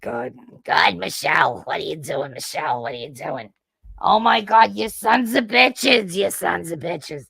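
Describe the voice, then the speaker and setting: A woman's voice: lowish voice, animated, measured pace, gravelly, fairly bright tone, breathy edge, no echo, exaggerated voice. A woman imitating her mother, an older woman with a thick New Jersey accent, scolding and cursing in exasperation. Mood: exasperated.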